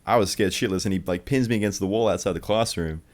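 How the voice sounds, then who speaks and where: A man's voice: low voice, quick pace. A young man telling a true childhood story in one take, rambling and profane.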